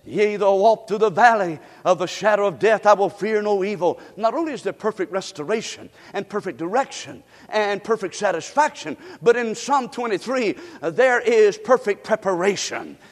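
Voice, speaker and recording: A man's voice: high voice, normal speed, few pauses, long reverb tail. A man from the United States preaching a sermon, leading his congregation in call-and-response. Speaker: pastor.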